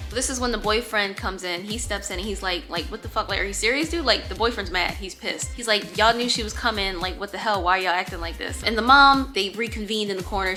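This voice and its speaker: A woman vlogger telling a storytime tale in casual chat, acting out the voices of the people in it. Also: mid-range voice. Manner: animated, acts out quoted voices.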